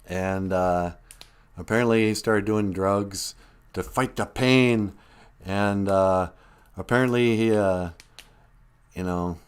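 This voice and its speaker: A man's voice: deep voice, clear, resonant tone. A man hosting a casual live stream, telling jokey stories with frequent chuckles and greeting viewers.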